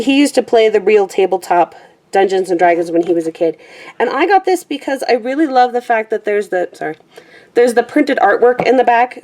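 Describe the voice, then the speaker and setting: Young woman vlogger, breathy, casual rambling, mid pitch. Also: warm tone. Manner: chatty, self-correcting, laughs often. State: slightly out of breath.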